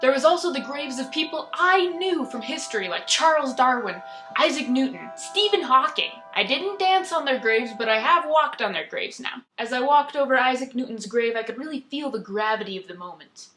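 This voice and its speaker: A young woman telling travel stories in a chatty, excitable, geeky vlog. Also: sits high, normal speed, soft background music. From United States. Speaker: travel vlogger. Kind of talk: casual storytelling vlog.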